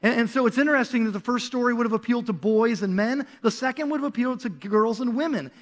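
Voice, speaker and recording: A young adult man preaching a sermon in a church, retelling a story with lively acted-out quotes and sudden shouted calls. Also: extremely high pitch, fast. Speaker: pastor.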